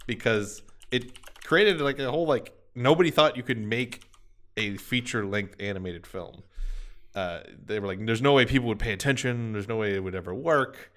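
A man chatting casually about old animated films, rambling and jokey. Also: lowish voice. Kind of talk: casual film chat.

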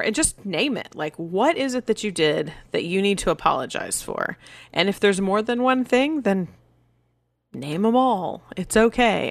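A woman co-hosting a casual parenting podcast, animated and acting out what her kids say in a higher voice. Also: measured pace, vocal fry, no room sound. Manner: animated, acts out quotes in higher voice. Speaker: podcast co-host.

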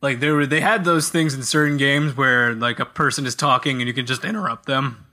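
A man co-hosting a casual gaming podcast, jokey and animated, often slipping into silly voices. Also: mid-range voice, fairly quick. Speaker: podcast co-host.

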